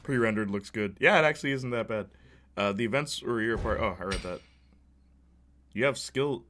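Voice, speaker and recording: A man commenting casually on a game he is streaming to viewers. He rambles and jokes between the cutscenes and fills pauses with "uh". The recording carries a steady hiss of noise. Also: fairly low pitch. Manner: chatty, jokey, talks over cutscenes with filler "uh"s. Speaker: gaming streamer. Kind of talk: casual let's-play commentary.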